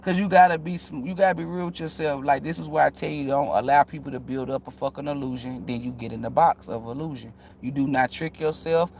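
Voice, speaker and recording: A man's voice: mid-range voice, steady tone, quick pace, hardly any pauses, darkish tone, slight background noise. A man talking casually to his viewers, telling a story in a blunt, profane, frank way with frequent laughs. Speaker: tarot reader vlogger.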